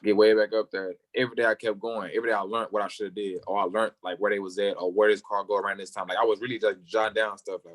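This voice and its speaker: A young man talking at a fast clip in a low-pitched voice, telling his story in an interview. He acts out everyone he quotes and leaps up high in pitch for their lines. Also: level tone. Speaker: football player guest.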